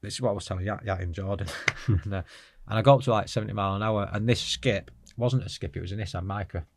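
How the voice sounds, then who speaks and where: Interview guest, man, low voice, candid rambling storyteller. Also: fast talker, creaky, slight background noise. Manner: earnest, frank, rambling storytelling.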